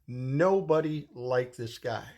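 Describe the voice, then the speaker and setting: Speaking slowly in a medium-pitched, darkish voice, a man in his sixties rambles through a personal story in a conversational manner, cursing liberally as he goes.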